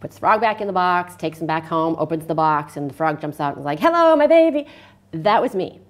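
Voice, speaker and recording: A woman's voice: low-pitched, fast talker. A woman, a former opera singer, telling stories in a casual TV interview and acting out the voices in them. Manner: animated storyteller, acts out quotes and sings snippets. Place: local cable TV studio.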